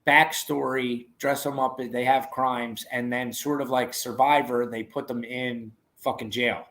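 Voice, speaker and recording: A podcast co-host with a mid-range voice tells a story at an unhurried pace. He is casual, profane and animated, acting out the people he quotes.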